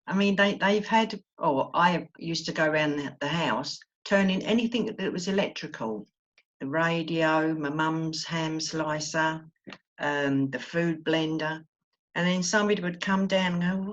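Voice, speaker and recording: A woman's voice: low-pitched, a little slow, soft background music. A woman telling her own stories in a chatty way, laughing easily. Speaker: guest sharing personal experiences. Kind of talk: casual storytelling. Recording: dull lo-fi audio.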